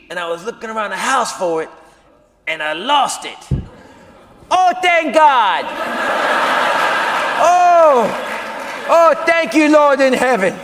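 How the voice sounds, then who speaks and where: A man doing stand-up storytelling on stage, animated, swinging between shouting and hushed impressions. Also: high voice. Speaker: stand-up comedian. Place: stage in a theater. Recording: live venue with long reverb, faint ambience.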